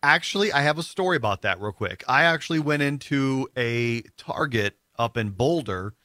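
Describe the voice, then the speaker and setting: Man, casual podcast chat, animated storyteller, bright tone, dry sound. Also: medium pitch, normal speed, no echo. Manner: animated storyteller, acts out quoted voices.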